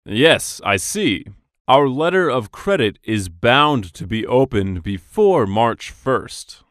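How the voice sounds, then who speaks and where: Male reader for lesson dialogues: slow, clearly enunciated, lively intonation, dry studio sound. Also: medium pitch, dry recording. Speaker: dialogue reader for English practice. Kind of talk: scripted business dialogue reading.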